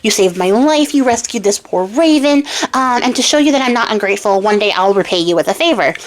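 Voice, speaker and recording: A woman's voice: a little high, expressive, a little fast, natural voice. A woman voicing a polite, grateful talking raven. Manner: polite, effusive.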